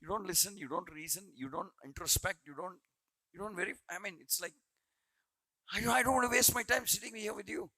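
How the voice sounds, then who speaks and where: A man's voice: sits high, brisk, bright, forceful tone, no room sound, voice pushed up, exaggerated voice, rough recording. A man doing an exasperated wise old counsellor. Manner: exasperated scolding.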